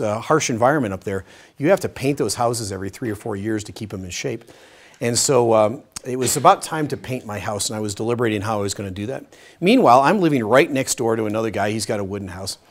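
A middle-aged man teaching a Bible study session, telling stories with lively energy and swinging from loud, emphatic lines to hushed ones. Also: medium pitch.

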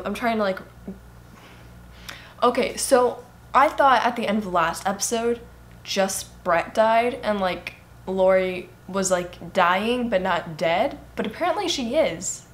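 A young woman hosting a reaction video, chattering excitedly and gasping at what she watches. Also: mid-range voice, unhurried. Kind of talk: casual reaction commentary.

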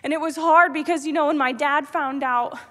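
High-voiced woman giving a devotional talk. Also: steady tone, normal speed. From New York. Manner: emotional storytelling, swinging from loud pleading to hushed whispers. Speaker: public speaker. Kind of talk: devotional address. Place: large theater. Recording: long hall reverb.

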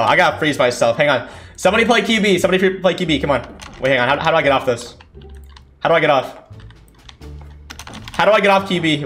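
A young man giving casual live commentary on a football game he is playing, thinking aloud and breaking into excited shouts. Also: fairly high pitch. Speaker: gaming streamer. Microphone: desk mic without a condenser.

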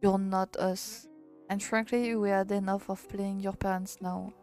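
A woman's voice: medium pitch, flat delivery, measured pace, darkish tone, soft background music, close to an everyday voice. A French woman reading as a cold, fed-up father. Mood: dismissive.

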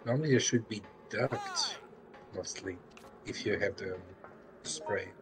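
A man's voice: lowish voice, wildly swooping pitch, slow, noisy background. A man playing a co-op game on a live stream, chatting in a playful, teasing way. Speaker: co-op player on stream. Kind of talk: casual gaming chat.

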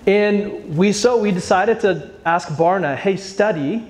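A man with a fairly high voice talks loosely to a workshop crowd, storytelling with casual fillers. He slips into little acted-out quotes and pokes fun at himself. The tone is a relaxed conference talk, not a formal lecture. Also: measured pace. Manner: chatty storyteller, acts out quoted voices, frequent "like"; self-deprecating humor. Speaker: youth ministry director speaking at a workshop.

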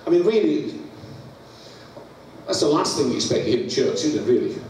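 A Scottish man preaches in a church, laughing through a funny personal story and acting out the sounds in it. His voice sits a little high. He sounds far from the mic in a very echoey hall, with clear noise behind him. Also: animated, a little fast. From Scotland. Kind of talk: humorous sermon storytelling.

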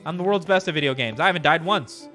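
A man's voice: fairly high pitch, fast talker, bright, forceful tone, soft background music. A man streaming a game, joking and bragging to his chat as he plays. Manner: jokey boastful banter with chat. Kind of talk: let's play commentary.

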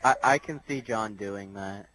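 A man's voice: on the low side, unhurried, a loud crowd. A man chatting over a noisy headset during a video game, playful but hesitant, stumbling over his words. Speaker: teammate in party chat. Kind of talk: casual gaming banter.

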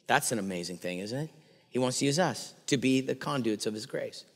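A man preaching a sermon as pastor, animated and acting out quotes with playful voices. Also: medium pitch, brisk. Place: church sanctuary. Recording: long hall reverb.

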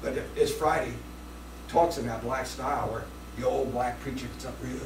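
A man preaching a sermon as pastor, swinging between loud passages and hushed ones. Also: mid-range voice, normal speed, slight background noise. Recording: echoey room from a distance.

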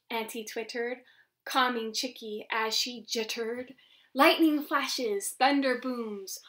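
A woman who teaches in a children's ministry reads a picture book aloud to young kids, gentle and animated, pausing to chat with them about the pictures. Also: high voice, distant mic.

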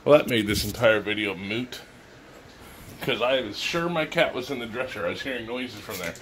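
A man's voice: medium pitch, moderate pace, noisy background. A man talking casually in a home vlog, rambling and jokey with a self-mocking streak, filmed indoors on a handheld camera. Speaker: vlogger.

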